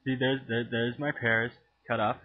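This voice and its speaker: Teen boy with a husky, tinny voice. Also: mid-range voice, flat delivery, moderate pace. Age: teens. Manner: crude, joking, sudden loud outbursts. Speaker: home cooking video maker. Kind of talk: goofy profane cooking vlog. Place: home kitchen. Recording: tinny lo-fi home camera audio.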